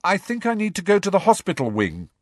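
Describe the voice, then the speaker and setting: A man's voice: high voice, wildly swooping pitch, fast, no echo, clean studio sound, voice pushed up, heavily acted. A man voicing an anxious, earnest teenage schoolboy in a storybook reading. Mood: urgent. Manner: urgent, earnest.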